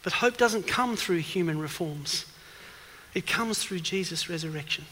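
A man preaches an evening sermon in a high, bright voice, asking questions and pressing each point with emphasis. His voice carries with a long reverb through a church hall. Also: animated, unhurried, slight background noise. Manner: questioning, emphatic, rises in force.

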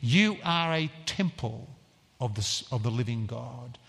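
A man preaching a sermon in a church, earnest and emphatic, stressing phrases slowly. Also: medium pitch, lively intonation, vocal fry, a bit bright, slightly rough, big-room sound.

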